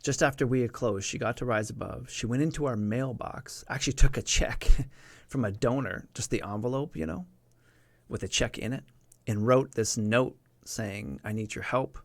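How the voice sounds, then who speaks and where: A man's voice: medium pitch, moderate pace, no echo. A man telling a personal story on his live stream in an earnest, emphatic way, repeating words to drive them home.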